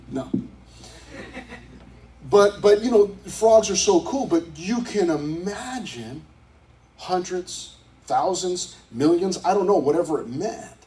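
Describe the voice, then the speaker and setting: Youth pastor teaching from a distance. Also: male voice, high voice, animated, slow pace, long pauses, dark tone. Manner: conversational, restarts often, reads scripture aloud. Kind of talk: casual Bible teaching.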